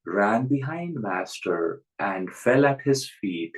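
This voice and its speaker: A man's voice: on the low side, big pitch swings, takes it slowly, rough recording. A man who is a spiritual teacher, giving a reflective spiritual talk and telling stories with frequent chuckles.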